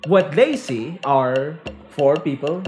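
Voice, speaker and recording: A man's voice: on the high side, expressive, slow pace, a little mellow. Casual male game master over music. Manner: casual, rambling, lots of fillers. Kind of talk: narrating a tabletop game. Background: background music.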